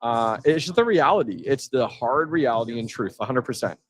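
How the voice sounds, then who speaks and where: A man hosting a live stream from an event floor, chatting casually and answering his chat with energy. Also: medium pitch. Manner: energetic, reads chat aloud, quick asides.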